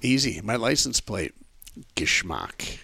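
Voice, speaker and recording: Gravelly-voiced man telling stories. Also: on the low side, slow, dry recording. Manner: animated storyteller who acts out quoted voices. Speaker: podcast guest. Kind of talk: casual storytelling interview.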